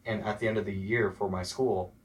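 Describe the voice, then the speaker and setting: Young guy from texas, kinda low voice, tells stories all animated, does voices for people. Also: fairly quick. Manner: animated storyteller, acts out quoted voices. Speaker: guest. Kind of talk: casual interview chat.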